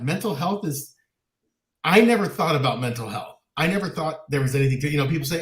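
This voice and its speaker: A man's voice: on the high side, expressive, brisk, echoey room. A man co-hosting a talk show, speaking candidly and animatedly, sometimes mocking others in quoted voices. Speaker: podcast co-host. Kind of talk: casual chat.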